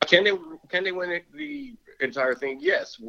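Emphatic former player, lo-fi sound. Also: male voice, sits high, very animated, normal speed, gravelly, sharp tone. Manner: emphatic, repeats words, talks himself out of breath. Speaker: former pro football player, analyst. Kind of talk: sports talk, animated argument.

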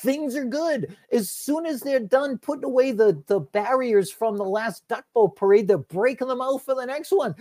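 A man's voice: very high voice, moderate pace, few pauses, mellow. A man talking as a guest on a casual sports podcast, rambling and restarting as he breaks down football players. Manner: rambling, self-correcting football talk.

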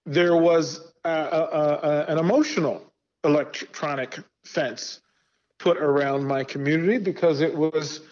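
A man's voice: on the high side, steady tone, unhurried, darkish tone. A man from Virginia, a guest speaking candidly and earnestly, often repeating words as he builds a point. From Arlington, Virginia. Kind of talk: candid conversational talk. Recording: dull lo-fi sound.

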